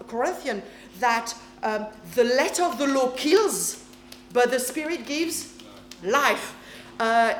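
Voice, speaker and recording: A woman's voice: a little high, slight background noise. A woman preaching a sermon in English, which is not her first language, in an emphatic manner and often checking in with her listeners. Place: church hall with congregation. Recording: echoey room.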